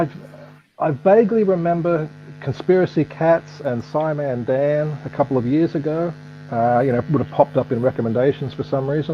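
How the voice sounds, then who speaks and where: A man in his fifties with an Australian accent, chatting as a guest in a relaxed, self-deprecating way. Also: medium pitch, lo-fi sound, a little hiss or hum. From United States. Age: 50s. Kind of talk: casual chat. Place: home at night.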